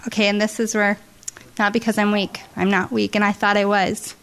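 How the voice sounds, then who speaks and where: A woman giving an emotional, halting testimony to a church congregation, tearful and heartfelt. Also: medium pitch, level tone, fairly bright tone. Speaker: church member sharing testimony. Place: church service.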